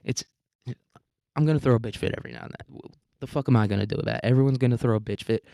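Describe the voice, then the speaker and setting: A man's voice: mid-range voice, rapid-fire, warm tone, dry recording, clean studio sound. A man hosting a solo podcast, talking casually in a rambling, profane, self-mocking way and laughing often. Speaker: podcast host.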